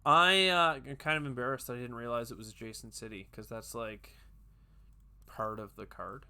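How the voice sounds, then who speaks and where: Bright-voiced man chatting through gameplay. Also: medium pitch, steady tone, clear, resonant tone. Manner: chatty, talks to himself, quick jokey asides. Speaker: gaming video host. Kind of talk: casual gameplay commentary.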